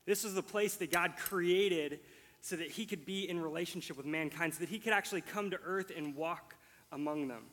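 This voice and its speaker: A man co-hosting a podcast, explaining scripture in a relaxed way, laughing easily. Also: fairly high pitch, moderate pace, big-room sound. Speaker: podcast co-host teaching scripture. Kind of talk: casual podcast Bible teaching.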